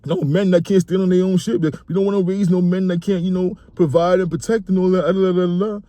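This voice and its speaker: A man's voice: high-pitched, steady tone, quick pace, warm tone, no room sound, pitched above the performer's own voice, natural voice. A man putting on the voice of a boastful, hyper-macho man in a mocking, brash, puffed-up way. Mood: mocking bravado.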